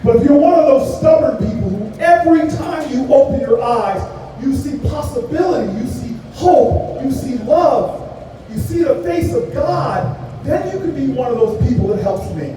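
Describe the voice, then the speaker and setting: A man's voice: very high-pitched, expressive, normal speed, dark tone, a little hiss or hum. A man quoting a stern elderly woman, a tiny community leader, in her firm, instructive, preacherly voice, heard from far off in an echoey hall. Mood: stern, preaching.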